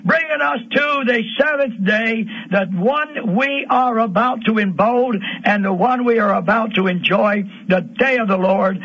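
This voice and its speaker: A man preaching a fiery radio sermon, repeating lines and rising to shouts. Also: high-pitched. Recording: dull lo-fi radio broadcast.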